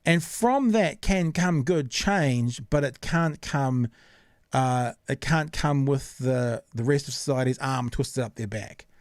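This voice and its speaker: A man's voice: mid-range voice, slow, no room sound, clean studio sound. A man hosting a podcast in casual chat, earnest and reasoning things through with fillers and repeats. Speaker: podcast host.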